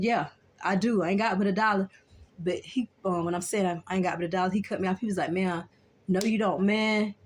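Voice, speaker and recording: A woman's voice: mid-range voice, a little mellow, breathy edge. A young woman casually telling a personal story in a chatty, colloquial way, often checking in with "you know what I'm saying.".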